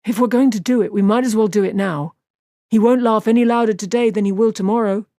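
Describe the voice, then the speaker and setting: A woman's voice: a little high, fast, warm tone, no room sound, studio quality, pitched above the performer's own voice, natural voice. A woman voicing a stubborn, anxious young farmhand. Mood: insistent. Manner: urgent, insistent. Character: earnest young farm man, anxious and stubborn.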